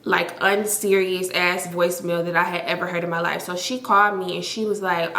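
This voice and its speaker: Bright-voiced chatty young woman vlogger. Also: on the low side, roomy sound. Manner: animated, slangy, fast-talking with many fillers. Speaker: storytime vlogger. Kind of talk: casual storytime vlog.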